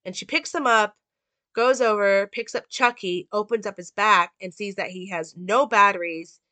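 Chatty, bright-voiced woman recapping a movie. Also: mid-range voice, normal speed, dry recording. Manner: chatty, rambling, many fillers. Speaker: movie reviewer. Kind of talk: casual film commentary.

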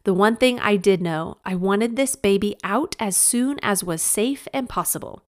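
A woman's voice: medium pitch, moderate pace. A woman reading her own book aloud as a memoir, candid and emphatic, with wry humor, speaking straight to the listener. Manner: conversational, addressing the listener directly. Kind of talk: audiobook narration of a memoir.

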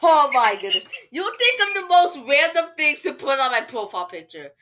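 A woman hosting a casual podcast chat, giggly and playful, often breaking into squeals and shouts. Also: high-pitched, very animated, moderate pace. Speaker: podcast host.

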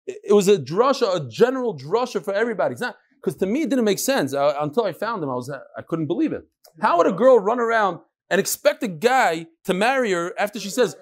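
A man with a fairly high speaking voice leads an informal Talmud class in a room with listeners. He drifts from the text into asides and wisecracks, dropping Hebrew and Yiddish terms into his English as he goes. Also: very animated, brisk. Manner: digressive and joking, mixing in Hebrew and Yiddish terms. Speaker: rabbi teaching a class. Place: classroom with a live audience.

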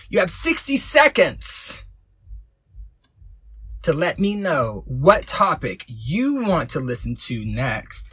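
A campy advice show host chats live with viewers in a lively, sing-song voice that swoops up and down. The tone is bright and a little husky. Sassy quips and pet names like honey keep coming. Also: mid-range voice. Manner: campy, playful, calls viewers honey and babes.

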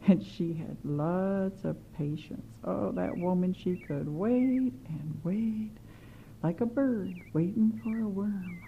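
A woman telling a children's story in an animated way, with chatty asides to the kids. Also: lowish voice, a little slow. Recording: slightly muffled with faint hiss.

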